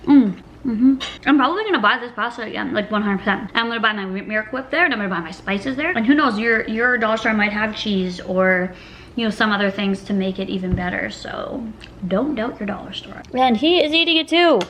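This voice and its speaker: A woman's voice: medium pitch, brisk, a bit bright, a little hiss or hum. A woman food vlogger chatting casually in a home kitchen, bubbly and giggly as she cooks and tastes.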